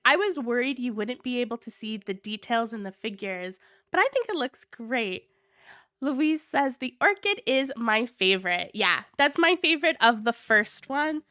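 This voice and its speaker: A woman hosting a casual livestream, sick with a cold, with a low sultry tone, gushing and reading viewer comments aloud. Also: bright, forceful tone, dry recording, studio quality. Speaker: livestream host.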